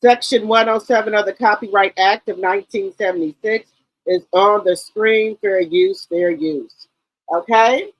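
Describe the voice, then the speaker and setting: A woman hosting a live stream in a loose, easygoing way, greeting each viewer by name with a string of hellos and drifting between thoughts with plenty of ums. Her voice sits at an ordinary middle pitch. The recording is dry and close, with no room echo. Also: normal speed. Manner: relaxed, rambling, with many ums. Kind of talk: casual live-stream chat.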